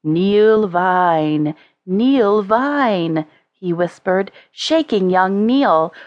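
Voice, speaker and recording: A woman narrating a children's storybook in a slow, measured way. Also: fairly high pitch, no echo, lo-fi sound. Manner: slow, expressive, measured reading. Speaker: audiobook narrator.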